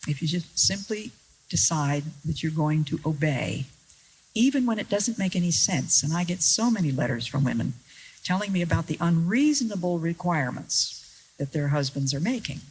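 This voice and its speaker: A woman preaching a sermon to an audience, earnest and deliberate, with wry rhetorical questions and stressed key words. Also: low-pitched, lively intonation, a little mellow, a little hiss or hum, rough recording. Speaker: Christian speaker.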